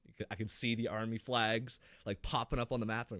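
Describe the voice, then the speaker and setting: A man co-hosting a gaming podcast, chatting casually, swearing a lot and acting out his reactions in a loud, high voice. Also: flat delivery, brisk, dry recording. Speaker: podcast co-host. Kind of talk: casual chat.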